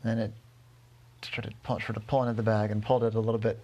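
A man telling his daughter an improvised bedtime story, gentle and rambling, often correcting himself. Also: fairly low pitch, little pitch movement, quick pace.

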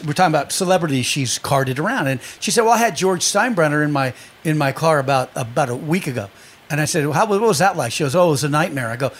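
A man hosting a casual interview, laughing along and adding an anecdote of his own. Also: on the high side. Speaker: interviewer, host. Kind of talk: conversational interview.

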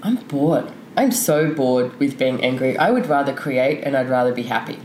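A woman's voice: extremely low pitch, expressive, normal speed, darkish tone. A woman, a podcast guest talking openly and frankly, rambling with lots of fillers. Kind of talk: candid conversational interview. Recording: echoey room with faint noise.

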